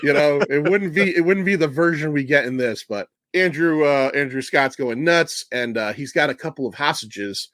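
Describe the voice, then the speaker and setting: A man hosting a casual movie podcast, retelling scenes with a laugh and quick put-on voices. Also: a little high, fairly bright tone, dry recording, clean studio sound. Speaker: podcast host.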